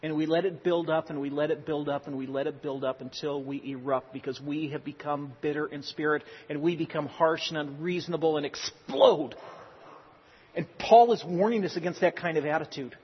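A man with a high, husky voice preaches a sermon. He exhorts earnestly and slips in joking asides. His voice carries a long reverb, as in a big hall. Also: a little fast. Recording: reverberant hall, dull lo-fi sound.

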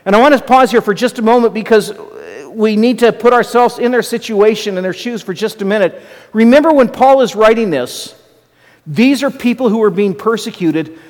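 A middle-aged man, a pastor and school administrator, preaching a sermon in a conversational teaching manner with asides. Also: sits high. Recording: long hall reverb.

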